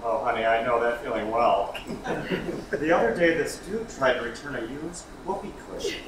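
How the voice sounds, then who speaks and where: A man's voice: medium pitch, expressive, moderate pace, crowd noise, close to an everyday voice. A man playing a sarcastic, campy shop worker on a smoke break, in a staged reading of a TV script. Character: sardonic man who smokes on his break. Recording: very echoey room, mic far, noisy.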